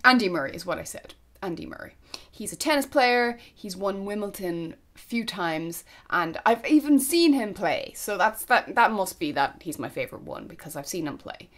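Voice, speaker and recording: A woman's voice: mid-range voice, lively intonation, moderate pace, fairly bright tone. A young Irish woman chatting casually to camera as a vlogger, gushing and now and then dropping to a whisper. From Ireland.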